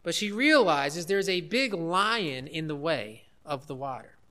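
A pastor preaching with an earnest, emphatic delivery, stretching out the words he wants to land. His voice is high for a man and bright and forceful. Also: lively intonation. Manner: emphatic, earnest, with slowed stresses. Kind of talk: sermon.

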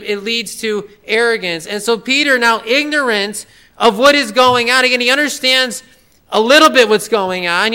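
A man's voice: extremely high pitch, sharp tone, clean tone. A man preaching a sermon verse by verse, emphatic and repeating phrases for stress. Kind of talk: expository sermon.

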